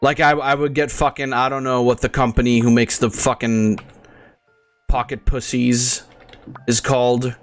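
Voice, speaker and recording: A young man chatting loosely over his gameplay, with a voice of middling pitch that drifts between topics. He talks crudely, swears freely, and rambles from one aside to the next. A faint bit of music sits underneath him. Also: level tone, normal speed, no room sound. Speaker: gaming channel host. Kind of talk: casual gameplay commentary.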